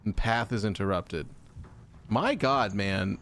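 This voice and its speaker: A man's voice: on the low side, lively intonation, measured pace, pauses often, fairly bright tone, a little hiss or hum. Man grumbling jokingly over a game. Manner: jokey, mock-angry grumbling with silly made-up words. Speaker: streamer. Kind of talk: casual gameplay commentary.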